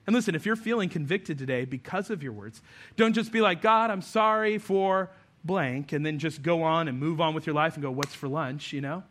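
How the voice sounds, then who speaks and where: A man preaching a sermon as a pastor, earnest and conversational, with self-deprecating asides. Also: on the high side.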